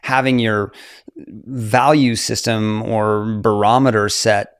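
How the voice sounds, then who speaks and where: A man's voice: fairly low pitch, slow, no echo, clean studio sound. A man in his forties, a mountaineer guest, telling his story casually with many fillers and laughs. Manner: animated, fillers, laughs often.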